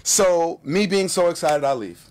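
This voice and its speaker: A man telling a personal story in casual chat, animated and acting out what people said. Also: a little high. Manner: animated, fast-talking storyteller acting out quotes.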